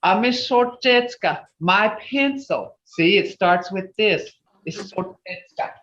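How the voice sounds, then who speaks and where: Slow, patient language teacher on a distant call. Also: medium pitch, animated, a bit bright, slight background noise. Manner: slow, patient, explaining step by step; self-correcting, with asides. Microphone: video call. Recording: roomy, distant, dull video call audio.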